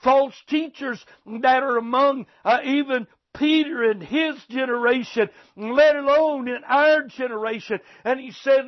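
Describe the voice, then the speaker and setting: Man preaching, very high voice, fervent, dull lo-fi sound. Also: steady tone, unhurried, few pauses. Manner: fervent, repetitive appeals with "listen, friend". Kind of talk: sermon. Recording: dull lo-fi recording.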